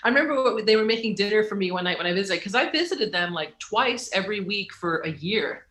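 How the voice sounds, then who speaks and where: A middle-aged woman speaks as an interview guest, swinging between her own voice and acted-out quotes with quick leaps and bursts of laughter. Her tone is bright and forward. The room around her rings with a noticeable echo. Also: medium pitch, expressive. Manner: acts out quoted dialogue with big jumps, laughs while telling stories. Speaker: guest, author and journalist. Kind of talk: animated interview conversation. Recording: roomy echo.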